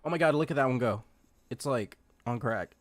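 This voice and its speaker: A streamer chatting on a livestream in an excitable, gushing, giggly way. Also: mid-range voice, brisk, dry recording. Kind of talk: livestream reaction chat.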